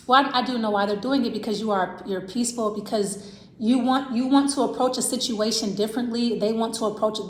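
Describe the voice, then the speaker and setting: A woman giving a casual tarot reading to camera, rambling and repeating herself as she talks straight to the viewer. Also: mid-range voice. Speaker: tarot reader. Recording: roomy echo.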